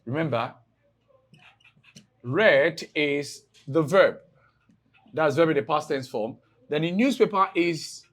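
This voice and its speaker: Male tutor, a bit high-pitched, emphatic classroom delivery, drills exam questions with the class. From Nigeria. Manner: drawn-out emphatic reading of example sentences; addresses class with rhetorical questions. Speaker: teacher. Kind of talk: exam-prep English lesson.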